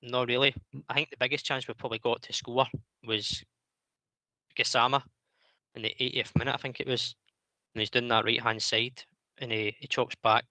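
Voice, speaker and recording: Radio host breaking down the game, crisp bright tone, dry. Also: male voice, medium pitch, little pitch movement, normal speed, long pauses, no echo, poor audio. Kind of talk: casual football chat.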